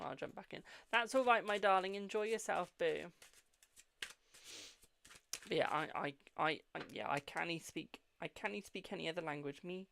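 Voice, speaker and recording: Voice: medium pitch, vocal fry, a bit bright, a little hiss or hum. A tarot reader with a British accent, hosting a live stream and chatting casually with viewers. They swear freely and call viewers "my darling" while doing readings. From United Kingdom.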